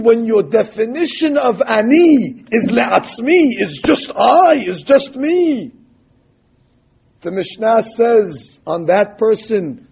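High, husky man preaching a sermon. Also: animated. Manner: emphatic, drawn-out quoting of texts. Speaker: rabbi or religious teacher. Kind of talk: sermon with storytelling. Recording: dull lo-fi recording.

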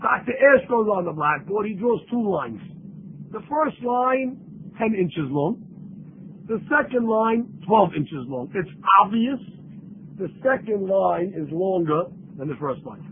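Animated man preaching over tinny line. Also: high voice, measured pace. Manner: animated, digressive, emphatic storytelling. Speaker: religious lecturer. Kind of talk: Torah sermon. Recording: tinny phone-like line with faint hiss.

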